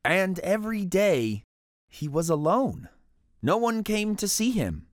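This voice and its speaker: A storybook narrator reading a children's picture book aloud with expressive delivery. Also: medium pitch, slow pace, no echo, studio quality.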